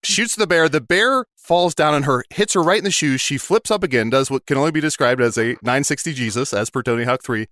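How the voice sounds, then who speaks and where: A man doing improv comedy on a podcast, telling an absurd story in a deadpan way. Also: fairly high pitch, a little fast, few pauses, dry recording, clean studio sound. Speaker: podcast co-host.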